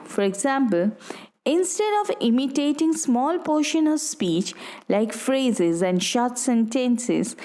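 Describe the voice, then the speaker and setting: A woman with an Indian English accent teaching English, slowly demonstrating stress and intonation in example sentences. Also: fairly high pitch, darkish tone. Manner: slow, careful, demonstrates sentences with exaggerated stress. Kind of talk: instructional explanation.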